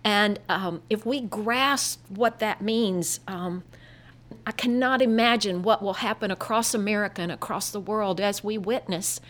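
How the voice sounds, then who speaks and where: A woman's voice: medium pitch, measured pace, fairly bright tone. Sincere woman guest. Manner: sincere, hesitant restarts. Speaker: missionary guest. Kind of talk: interview answer.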